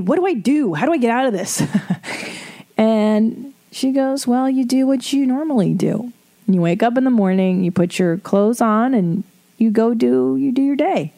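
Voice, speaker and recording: A woman's voice: medium pitch, dark tone. A middle-aged woman hosting an advice podcast, talking bluntly and casually, swearing and laughing as she rambles. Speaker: podcast host giving advice.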